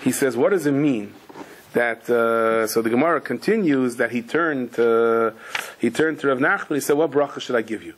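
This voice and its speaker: A man giving a Torah class as a sermon, telling stories animatedly, acting out voices with sudden high shouts, and mixing Hebrew and Yiddish terms into his English. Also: normal speed, slightly rough.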